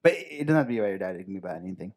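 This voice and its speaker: A man's voice: sits low, expressive, rapid-fire, darkish tone. A man co-hosting a podcast in casual chat, stammering a little and asking follow-up questions. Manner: stammering, questioning listener who asks follow-ups. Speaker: podcast co-host.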